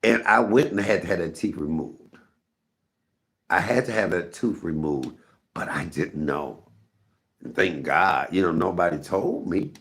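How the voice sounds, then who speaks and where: Deep gravelly man rambling to his viewers. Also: unhurried, fairly bright tone. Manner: rambling, candid, talks to chat. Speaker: live stream host. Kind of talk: casual storytelling to viewers.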